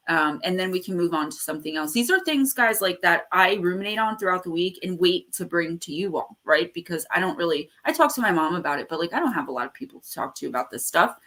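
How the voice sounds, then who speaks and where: A woman hosting a casual live stream about the paranormal, rambling and animated as she tells stories. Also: lowish voice. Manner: animated, rambling storyteller who acts out quotes. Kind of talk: casual livestream chat.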